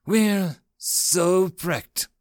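A man's voice: high-pitched, very slow, dry recording, studio quality, pitched above the performer's own voice. A man voicing a nervous male petty officer who talks in an urgent, panicky way.

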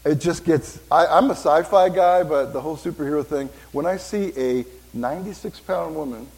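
A pastor preaching a sermon in a church, talking casually with asides and questions for the congregation. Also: male voice, fairly high pitch, normal speed, darkish tone, rough recording.

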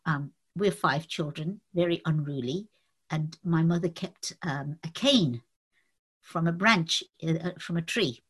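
A woman earnestly telling a personal faith testimony, reflective and halting with fillers. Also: on the low side, sharp tone, husky. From Indian family. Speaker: testimony speaker.

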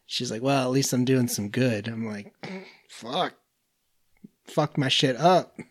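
A man's voice: mid-range voice, slow pace, dry recording, studio quality. A man in casual chat, joking crudely and teasing his friends.

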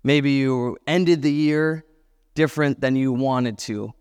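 Animated pastor, reverb-washed hall. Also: male voice, mid-range voice, slow pace, clear, resonant tone. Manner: animated storyteller, self-deprecating, chatty asides. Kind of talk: sermon with personal story.

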